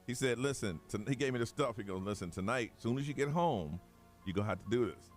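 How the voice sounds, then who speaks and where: A man hosting morning radio, his pitch swinging widely as he spins jokes and laughs through his stories. His voice sits in a middle register, with faint music running under the studio talk. The delivery is loose, casual banter. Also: fast talker. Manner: joking, laughs often, animated storytelling.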